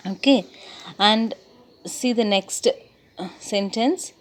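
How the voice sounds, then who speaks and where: A woman teacher giving a recorded English lesson, speaking deliberately and repeating her key points. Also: mid-range voice, expressive.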